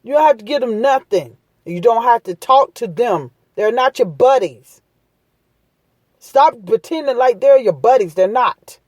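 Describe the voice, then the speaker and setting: A woman's voice: on the high side, expressive, measured pace, a little mellow, dry recording. A woman talking straight to her viewers in a casual, impassioned monologue, blunt and preachy, hammering her points home by repeating them. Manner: street-talk, blunt. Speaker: vlogger giving advice.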